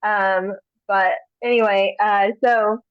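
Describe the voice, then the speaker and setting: A woman co-hosting a casual chat on a video call, chatty and quick to react. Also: medium pitch, fairly even intonation, clear, resonant tone, no echo, muffled recording. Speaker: co-host.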